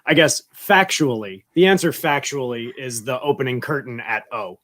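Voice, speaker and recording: Man, mid-pitch voice, interview guest, chatty, rambling anecdotes, lots of uhs. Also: normal speed, fairly bright tone. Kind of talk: casual interview answers.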